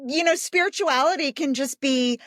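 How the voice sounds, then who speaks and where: A woman's voice: high voice, moderate pace, dry recording, clean studio sound. A woman social worker as a podcast guest, explaining her views in a thoughtful, conversational way. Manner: thoughtful, explanatory, warm laughter. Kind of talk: casual interview.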